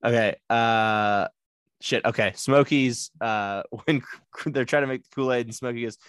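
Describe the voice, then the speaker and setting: A man's voice: medium pitch, unhurried, fairly bright tone, smooth, no room sound, studio quality. A man hosting a casual movie discussion podcast, laughing often, swearing, and acting out lines from the film. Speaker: podcast host.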